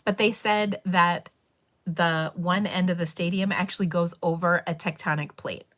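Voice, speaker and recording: A woman's voice: lowish voice, steady tone, normal speed, a bit bright. A middle-aged woman, hosting a live stream and chatting casually, rambling through stories with laughs and fillers. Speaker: livestream host. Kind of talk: casual chat.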